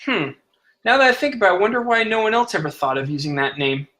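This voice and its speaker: A man voicing a startled, friendly young woman tending her garden rows, talking quickly and lightly. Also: sits high, big pitch swings, sharp tone, pitched above the performer's own voice, full character voice. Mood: amused.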